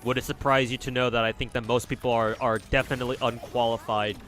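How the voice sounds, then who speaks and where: A man's voice: medium pitch, level tone, fast talker, a bit bright, soft background music. A man livestreaming a game, chatting casually and bluntly as he reads chat and plays, rambling and swearing freely. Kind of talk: casual commentary while playing and reading chat.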